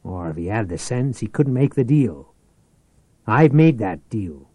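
A man voicing a ruthless, scheming rich businessman who talks forcefully and persuasively. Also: fairly low pitch, big pitch swings, measured pace, breathy edge, no echo, exaggerated voice. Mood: calculating.

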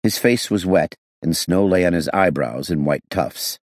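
A man reading a novel aloud as a steady, lively narrator. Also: deep voice, a little slow, no echo, clean studio sound. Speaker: audiobook narrator. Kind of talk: scripted narration.

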